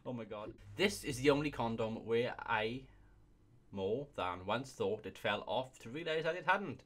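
Expressive and a little slow, a young male host speaks in a mid-range, slightly bright voice. In his casual comedy video he reads reviews out loud, giggling and repeatedly breaking into laughter.

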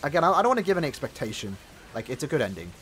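A man's voice: fairly high pitch, big pitch swings, rapid-fire, a bit bright. A young sounding man with a sore throat, rambling casually with lots of fillers while he plays a mobile game. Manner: rambling, chatty, many fillers. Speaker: gaming channel host.

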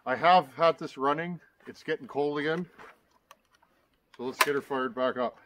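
A man's voice: fairly high pitch, moderate pace, very noisy. Plain-spoken man demonstrating hands-on repair. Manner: plain-spoken, addresses viewers as guys.

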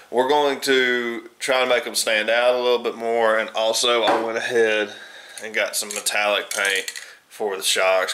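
A man's voice: fairly low pitch, bright, forceful tone, low-quality recording. A man vlogging his DIY truck work in a loose, rambling way, full of ums and uhs, talking from inside his house. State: groggy, just woken up. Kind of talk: casual workshop vlog.

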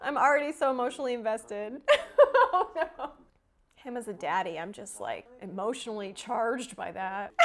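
A woman hosting a casual movie reaction video, talking to herself with quick gasps and frequent laughter. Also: on the high side. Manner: excitable, gasps and laughs often, talks to herself.

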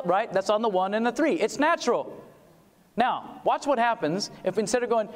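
A man giving a lively seminar lecture on music, asking the audience questions and singing short demos. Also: sits high, normal speed. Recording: long hall reverb.

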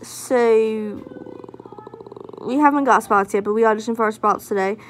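A woman's voice: a little high, normal speed. A young woman vlogging casually to a phone camera, bubbly and rambling, often laughing. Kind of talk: casual vlog chat.

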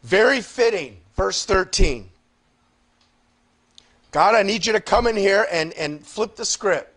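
Man, pastor, Bible study sermon, high voice, fervent, pleading. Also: animated, slow pace, long pauses. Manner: rises into fervent shouted pleading, then drops low.

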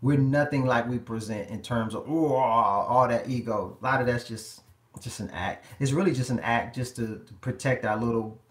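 A man's voice: mid-range voice, moderate pace, roomy sound. A man, a relationship life coach, giving emphatic, repetitive advice straight to his viewers on a live stream.

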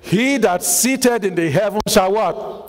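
A man's voice: high-pitched, measured pace, a faint crowd. A man preaching a sermon as pastor, quizzing the congregation with call-and-response questions and repeating lines with emphasis. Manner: emphatic repetition, bursts of shouting. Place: church hall. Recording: long hall reverb.

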